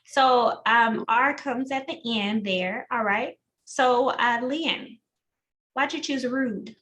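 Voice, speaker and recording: A woman's voice: a little high, slow pace, a bit bright, poor audio. A woman leading an online test-prep class over a video call, calling on students by name and walking through answers. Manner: encouraging, calls on students by name. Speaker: instructor.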